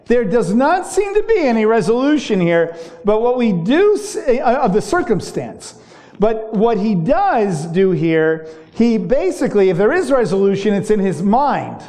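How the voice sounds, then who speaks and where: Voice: big pitch swings, measured pace, warm tone. A preacher teaching on the psalms in a loose, conversational way, with frequent fillers and self-corrections, and a voice that climbs when speaking the psalmist's words. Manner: conversational, with many fillers and restarts; rises in pitch when voicing the psalmist. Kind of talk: sermon.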